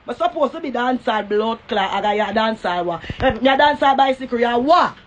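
A Jamaican woman with a high-pitched voice rants into her phone on a live stream. She spits profanity and taunts, hammering the same insults again and again. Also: lively intonation, moderate pace, slight background noise. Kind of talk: cussing rant on a live stream.

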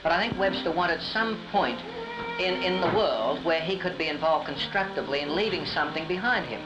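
A man speaking in a documentary interview, measured and thoughtful, with occasional hesitant fillers. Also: a little high, animated, lo-fi sound, music in the background. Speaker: interviewee, chapel associate.

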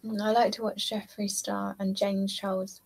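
A woman's voice: medium pitch, little pitch movement, normal speed, gravelly, a little hiss or hum. A young British woman from southeast England chatting casually with viewers on a livestream, reading comments and laughing often. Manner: chatty, giggly, reads out comments. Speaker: livestream host. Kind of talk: casual chat while painting.

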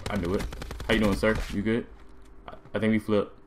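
A young man giving excited gameplay commentary as a gaming video host, loud and jumpy, repeating himself in bursts. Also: on the low side, brisk, slight background noise. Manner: hyped, loud outbursts, repeats phrases, laughing. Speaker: gaming YouTuber. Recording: faint music and gunfire behind.

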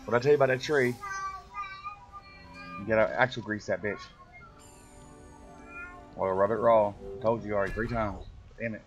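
A man's voice: lowish voice, fairly even intonation, moderate pace, long pauses, lo-fi sound, music in the background. A man chatting casually and swearing freely while playing a game, joking and teasing as he goes. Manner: profane, joking, hums along while playing. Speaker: game streamer. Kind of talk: casual gameplay chat.

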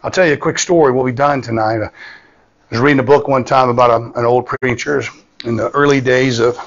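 A man's voice: mid-range voice, steady tone, fairly quick. Male pastor, emphatic sermon delivery, dull lo-fi church recording. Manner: emphatic, repeats key phrases, drops to hushed prayer.

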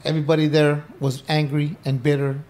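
A middle-aged man speaks as a podcast guest with a somewhat high voice. He tells his story in loose, animated talk, acting out past conversations and swearing casually along the way. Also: fairly quick. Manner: animated, acts out quoted dialogue, swears casually. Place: indoor podcast room.

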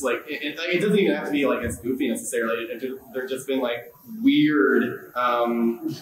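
A man's voice: a little high, normal speed. A young man moderating a panel who asks his question in a rambling, hesitant way, full of fillers. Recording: echoey convention hall.

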